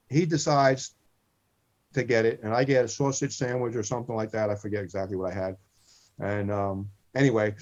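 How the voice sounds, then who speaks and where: A man's voice: medium pitch, a little mellow. A man in his sixties, a comedy podcast co-host, telling meandering funny stories and repeating himself. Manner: meandering, repeats "listen" often. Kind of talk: rambling comic storytelling. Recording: muffled lo-fi sound.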